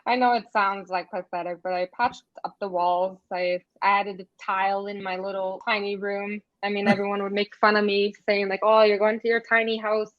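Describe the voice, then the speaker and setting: A woman's voice: medium pitch, level tone, moderate pace, hardly any pauses, no echo, highs cut off. A woman from Canada, a podcast guest telling her own story in an earnest, matter-of-fact way, with frequent "like". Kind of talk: personal storytelling in conversation.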